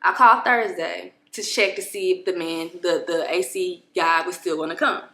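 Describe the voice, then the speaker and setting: A woman vlogger at home, telling a story to camera in an expressive, exasperated way, with many restarts. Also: on the low side, normal speed, echoey room. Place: home apartment room.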